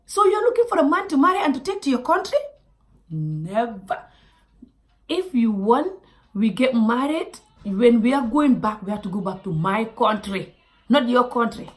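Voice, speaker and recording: A woman voicing a loud, insistent man on a first date who lectures and repeats himself. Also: fairly high pitch, very animated, normal speed. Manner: emphatic, scolding, repeats himself.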